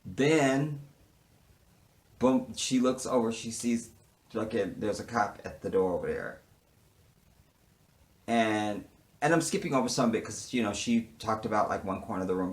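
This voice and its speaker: A man casually reviewing a TV episode, sassy and blunt, swearing freely and swinging from murmured asides to loud outbursts as he acts out the characters' lines. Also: lowish voice, unhurried, pauses often. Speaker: TV show reviewer. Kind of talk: casual, animated recap with quoted dialogue.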